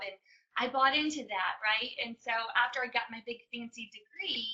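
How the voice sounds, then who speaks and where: Chicago woman telling her life story to a crowd, super bright voice, kinda muffled recording. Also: on the high side, moderate pace. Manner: emotional, animated storytelling. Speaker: business presenter. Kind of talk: personal story told to an audience. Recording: dull lo-fi recording.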